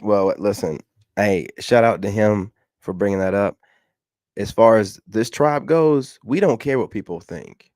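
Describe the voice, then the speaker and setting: Gravelly, blunt male commentary host. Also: lowish voice, unhurried, a little mellow, no room sound, clean studio sound. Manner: blunt, lecturing, repeats himself. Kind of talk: casual reaction commentary.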